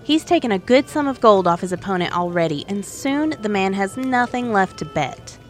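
A woman's voice: mid-range voice, lively intonation, normal speed, faint music behind. A woman narrating an adventure story in a playful, conversational way.

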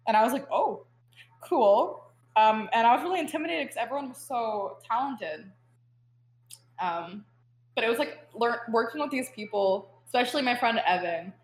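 A woman's voice: on the high side, animated, a little fast. Chatty young woman in an echoey room. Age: young adult. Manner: chatty, filler-heavy, laughing storyteller. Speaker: guest student. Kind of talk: casual chat.

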